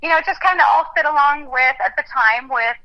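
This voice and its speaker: A woman's voice: sits high, fast. A young adult woman from Texas, a country singer, chatting casually in an interview and laughing often, heard over a phone line. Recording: muffled phone-line audio.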